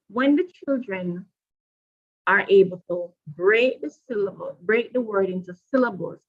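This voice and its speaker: Slow-speaking woman teacher trainer. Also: medium pitch, breathy edge, muffled recording. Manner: slow and deliberate, repeats key points. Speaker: teacher trainer presenting a workshop. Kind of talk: professional development presentation.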